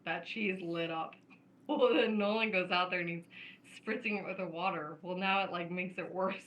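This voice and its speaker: A woman's voice: fairly low pitch, fairly even intonation, normal speed, a bit bright, rough recording. A woman co-hosting a podcast, chatting casually and laughing often as she tells family stories. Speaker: podcast co-host. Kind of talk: casual chat.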